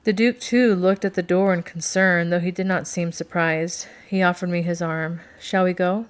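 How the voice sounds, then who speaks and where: A woman narrating a first-person romance novel in a steady, expressive reading. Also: on the low side, moderate pace, clear, resonant tone. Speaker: audiobook narrator.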